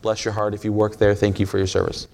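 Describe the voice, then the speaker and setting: Gravelly low-voiced man preaching folksy. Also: completely flat delivery, quick pace, darkish tone. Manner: folksy storytelling, jokes with the congregation. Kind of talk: sermon.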